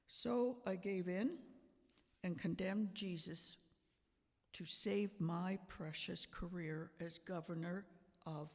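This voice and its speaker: Heavily acted and darkish in tone, a man's high voice with vocal fry brings Pontius Pilate to life as a Roman governor defending himself on the witness stand. It's an amateur church drama staged in a sanctuary, and he narrates slowly, deliberately and with emphasis. Long reverb from the church hall hangs on every line.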